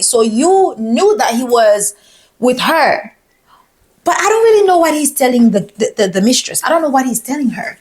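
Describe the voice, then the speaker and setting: A young woman with a high voice gives reaction commentary. She is indignant, talks back at the clips and hammers her points by repeating them. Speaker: reaction video host.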